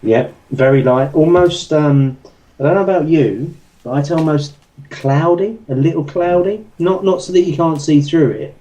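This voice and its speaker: Man, mellow warm voice, easygoing podcast co-host, short agreeing replies. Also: a little high, normal speed, few pauses, low-quality recording. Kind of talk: casual chat.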